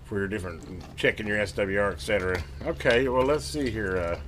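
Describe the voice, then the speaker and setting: The host of a radio repair channel narrates from his home workbench, testing and working while chatting excitedly and rambling to viewers. His voice sits on the low side and moves at a brisk pace, with slight background noise in the recording.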